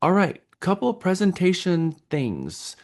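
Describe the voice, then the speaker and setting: A man's voice: sits high, wildly swooping pitch, a little slow. A man with a Texan accent teaching a real estate training class, coaching and encouraging his students.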